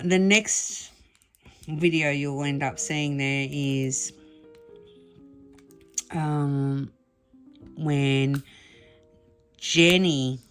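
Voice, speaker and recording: Low-voiced woman, rambling and tearful. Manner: rambling, emotional, self-correcting with many restarts. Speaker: vlogger. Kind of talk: casual emotional storytelling to camera.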